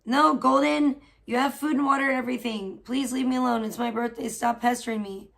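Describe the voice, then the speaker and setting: A woman's voice: fairly high pitch, fairly even intonation, fairly quick, creaky, fairly bright tone. A woman livestreaming from home in casual chat, gossiping and swearing freely while scolding her pet cat. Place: at home indoors.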